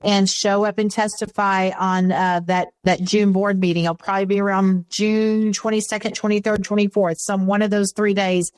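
A woman's voice: mid-range voice, flat delivery, normal speed, few pauses, a little mellow, no room sound, rough recording. A woman speaking as a guest on a radio talk show, earnest and direct. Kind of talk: radio interview.

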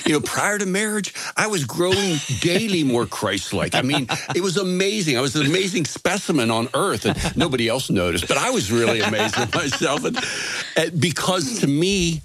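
A man's voice: a little high, big pitch swings, moderate pace, a bit bright, breathy edge, no echo. A man in his sixties, an author guest in a casual interview, telling stories with self-deprecating humor.

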